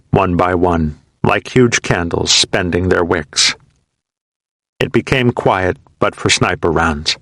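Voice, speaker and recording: Brief: male audiobook narrator, low gravelly voice, steady measured reading, dry close sound. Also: no echo. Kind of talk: scripted narration of a war novel.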